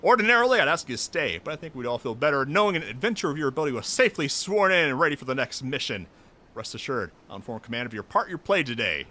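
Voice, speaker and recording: Um homem lendo como um oficial militar de videogame, formal e comedido, com voz clara e brilhante que varia bastante de altura. Fala com tom de relatório oficial. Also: male voice, medium pitch, big pitch swings, bright, forceful tone. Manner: formal, measured reading. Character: composed male military officer, formal.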